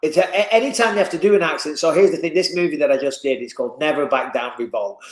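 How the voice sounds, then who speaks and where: An English man telling stories in a casual podcast chat as a fight commentator, animated and swinging his voice up and down. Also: fast talker, echoey room. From England. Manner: animated storyteller, lively swings in pitch and loudness.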